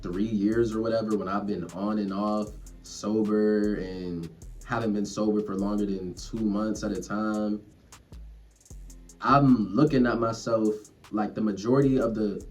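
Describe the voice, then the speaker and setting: A man's voice: lowish voice, unhurried. A young man ranting casually and earnestly to camera, rambling and swearing as he reflects on himself. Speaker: vlogger. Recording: distant mic, faint music behind.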